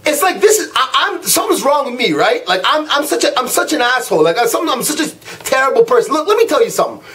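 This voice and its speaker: A man's voice: extremely high pitch, big pitch swings, fast, a bit bright. A young man ranting casually to camera, telling an exasperated story full of slang. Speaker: vlogger ranting.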